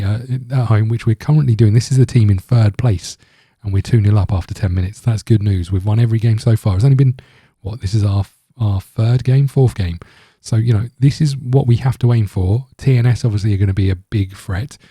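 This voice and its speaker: A man's voice: lowish voice, warm tone, husky, no room sound, clean studio sound. A man hosting a casual gameplay commentary, rambling with many fillers and restarts. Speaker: gaming channel host.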